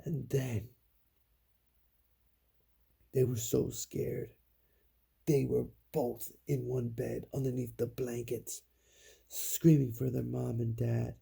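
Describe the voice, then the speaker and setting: A man spins a scary bedtime story at a crawl, his low voice full of gravelly fry. The tone is dark and very husky, sinking to whispers at the tense parts. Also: level tone. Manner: slow, hushed, dropping to whispers for suspense. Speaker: parent telling a bedtime story.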